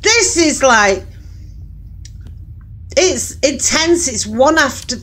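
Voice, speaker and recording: A woman's voice: sits high, expressive, drawn-out words, long pauses, a bit bright. A woman hosting a horror game playthrough, talking to herself in jumpy let's-play commentary, often screaming, swearing and laughing nervously. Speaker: channel host playing a horror game.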